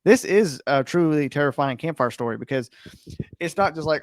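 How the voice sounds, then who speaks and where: A man hosting a podcast in casual conversation, his speech full of filler words. His voice sits somewhat high. The sound is dry and close. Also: normal speed, no room sound. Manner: chatty, many filler words like "like". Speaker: podcast host. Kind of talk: casual chat.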